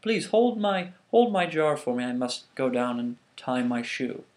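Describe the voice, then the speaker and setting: A man's voice: medium pitch, very animated, unhurried, a little mellow. A man voicing a male trickster god who is sly and overly polite as he asks for favors. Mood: wheedling.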